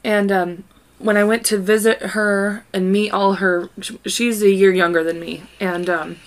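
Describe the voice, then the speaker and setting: A woman's voice: medium pitch, fairly even intonation, unhurried. A chatty woman in her late twenties co-hosts a podcast, talking loosely and laughing often. She is from the Midwest and has a mid-range voice, and she drops the odd casual swear. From Midwest US, Kansas. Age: 20s. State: pregnant. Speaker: podcast co-host. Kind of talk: casual chat.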